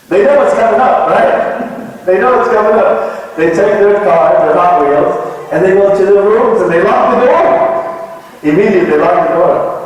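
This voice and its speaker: A man preaches in a relaxed, talky way, stopping often to ask his listeners "right?" His voice sits a little high for a man. It reaches the mic from a distance and echoes through a large hall. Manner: conversational, with frequent restarts and rhetorical "right?". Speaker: Islamic lecturer. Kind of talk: storytelling sermon.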